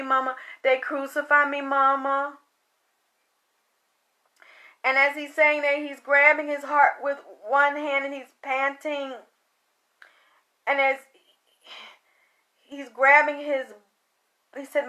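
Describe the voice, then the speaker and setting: High, bright-voiced woman relaying a spirit. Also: level tone, takes it slowly, long pauses. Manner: emotional, rambling, swears casually. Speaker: psychic medium. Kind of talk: channeling spirit messages, monologue.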